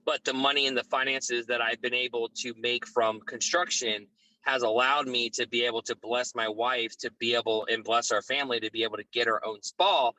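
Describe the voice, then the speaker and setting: A middle-aged man speaking as a guest on a business podcast, measured and poised in a casual interview. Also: mid-range voice, no echo, rough recording. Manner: measured, poised, steady delivery.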